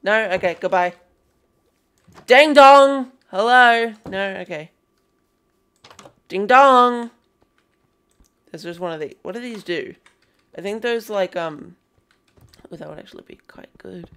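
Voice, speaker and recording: A young woman chatting excitedly through a gameplay session, calling out playful greetings to characters in the game. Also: fairly low pitch, normal speed. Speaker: gaming video host. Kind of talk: casual gameplay commentary.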